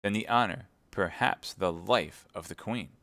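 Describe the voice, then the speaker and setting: A man's voice: low voice, unhurried, fairly bright tone, no echo. A man doing a gallant young swordsman. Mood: earnest. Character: bold young male swordsman.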